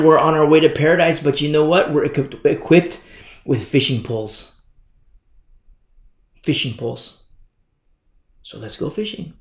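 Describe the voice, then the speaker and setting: Gravelly-voiced male pastor preaching in an echoey room. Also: on the high side. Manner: emphatic preaching, repeats rhetorical questions. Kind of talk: sermon. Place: church hall.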